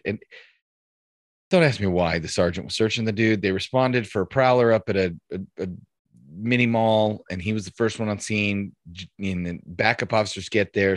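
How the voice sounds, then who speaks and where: A man, a police officer, telling a rambling story in a relaxed, laughing way during casual chat. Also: sits low, no echo, studio quality.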